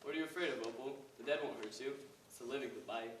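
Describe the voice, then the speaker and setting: A humble working-class orderly, played by a man in a school stage play. His talk is rough and folksy, and he speaks quickly. He sounds distant, in a roomy hall. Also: mid-range voice, fairly bright tone, slight background noise, lightly acted. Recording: echoey stage recorded from far off.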